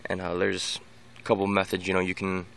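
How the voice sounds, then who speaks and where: With a low, clear, resonant voice that's a bit bright and shows vocal fry, a man speaks briskly in a completely flat delivery. He casually shares dog training tips in an unscripted vlog, rambling with many restarts and repeated words.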